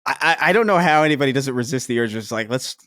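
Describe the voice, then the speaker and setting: A man's voice: mid-range voice, expressive, rapid-fire, a bit bright, no room sound, studio quality. A man co-hosting a podcast in casual chat, hesitant, with many restarts and fillers. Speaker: podcast co-host.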